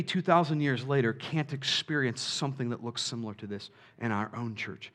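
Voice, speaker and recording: A man preaching a sermon, animated, swinging from quiet asides to shouts and acting out quoted voices. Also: mid-range voice, normal speed, few pauses. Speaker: pastor.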